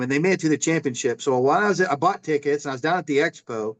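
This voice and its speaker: A man telling lively stories as a guest in a casual conversation, acting out his own yelling. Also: a little high, very fast. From Illinois. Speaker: guest, former semi-pro football player.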